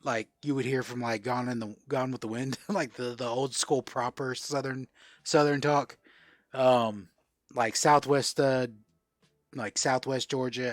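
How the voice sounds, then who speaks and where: The sound is clean and studio-grade with no echo, carrying a man's medium-pitched voice. He's from South Florida and hosts a casual live-stream card sale, chatting and reading out and answering viewer comments while he sells.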